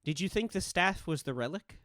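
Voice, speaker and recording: A man voicing a calm, measured male conspirator who briefs a group of assassins in a tabletop role-play game. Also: high voice, no room sound, studio quality, pitched above the performer's own voice. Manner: calm and measured, with small smiles.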